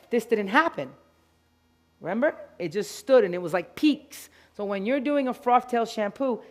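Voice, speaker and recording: A woman giving an animated, playful live product demonstration to an audience at a store grand opening event. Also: medium pitch. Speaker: product educator.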